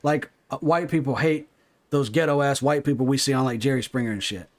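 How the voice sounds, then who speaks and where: A man's voice: medium pitch, a little fast. A man chatting casually on a gaming livestream, swearing freely and rambling through stories from his life. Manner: profane, rambling storytelling.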